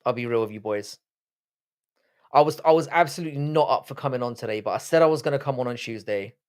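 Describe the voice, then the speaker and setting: A man's voice: mid-range voice, fast talker, darkish tone, smooth. A tired man in his thirties hosting a live stream, swearing freely and rambling with lots of restarts. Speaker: livestream host. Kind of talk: casual live-stream chat.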